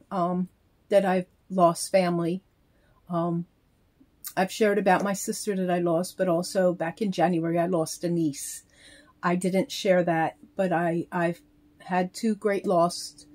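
A woman casually talking through opening a package in a chatty, halting way, counting things aloud. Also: lowish voice, a little mellow. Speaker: reborn doll vlogger. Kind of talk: casual unboxing vlog.

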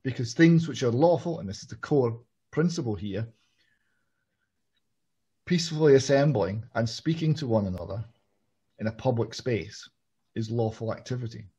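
A man from Scotland, hosting an interview and speaking in a measured, analytical way. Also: medium pitch, expressive, warm tone, husky. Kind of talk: political interview. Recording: muffled lo-fi audio.

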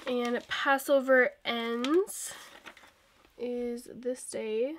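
A woman's voice: fairly high pitch, fairly even intonation, drawn-out words, a bit bright, a little hiss or hum. A young woman with a cold, chatting casually and rambling as she decorates her planner, laughing often. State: sick with a cold. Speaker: planner vlogger. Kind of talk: casual plan-with-me chat.

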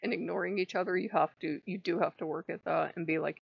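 A creaky-voiced woman chatting away, laughs a lot, dry close sound. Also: fairly low pitch, fairly even intonation, quick pace, dry recording. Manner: rambling, laughs often. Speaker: channel host. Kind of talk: casual vlog chat. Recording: dull lo-fi sound.

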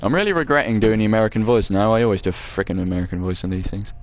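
Speaking very fast in a fairly low pitch, a let's play gamer talks casually through his game. He's self-mocking and lets out the odd swear word.

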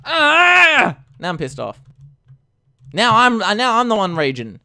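An excitable man talks over his gameplay in a fairly high, very lively voice, dropping to low mumbles and then jumping into loud outbursts. Keys click now and then behind him at the desk. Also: moderate pace, clean tone. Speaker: gaming YouTuber. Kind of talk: casual Let's Play commentary.

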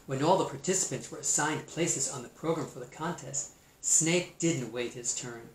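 A man, a teacher, reading a storybook aloud in a playful, expressive way and adding his own comments on the story. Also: medium pitch, moderate pace, a little hiss or hum. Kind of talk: storybook read-aloud with asides. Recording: roomy echo.

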